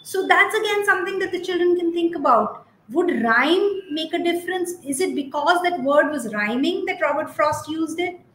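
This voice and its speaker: Woman, high voice, chatty webinar presenter, echoey room. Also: a bit bright, slight background noise. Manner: chatty, reads out attendees' comments, many fillers. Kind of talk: teacher training webinar.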